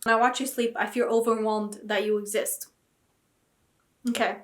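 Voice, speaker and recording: A woman's voice: a little high, flat delivery, moderate pace. A young woman vlogging about books, talking casually and animatedly with dramatic, indignant outbursts. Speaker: book vlogger. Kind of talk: casual reaction vlog.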